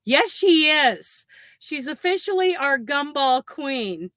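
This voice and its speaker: A woman's voice: high-pitched, big pitch swings, takes it slowly, a bit bright, no room sound. A woman hosting a crochet livestream, chatting in a rambling, gushing way and laughing often. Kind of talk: casual livestream chat.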